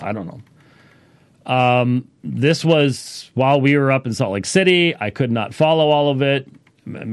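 Halting male Bible teacher, dry sound. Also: medium pitch, no room sound. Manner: halting, many fillers and restarts. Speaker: pastor. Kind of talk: casual spoken Bible teaching.

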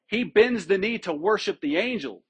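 A man's voice: sits high, animated, moderate pace, vocal fry, a bit bright, slightly rough. A man preaching a sermon, talking in a conversational and emphatic way, often restarting phrases and checking in with his listeners. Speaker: pastor. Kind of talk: expository sermon.

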